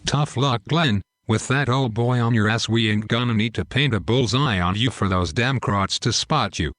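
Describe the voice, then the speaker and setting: A man's voice: medium pitch, normal speed, a bit bright, dry recording, clean studio sound, natural voice. A man voicing a crude, mocking male soldier with a Southern US accent in a war story. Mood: rough teasing.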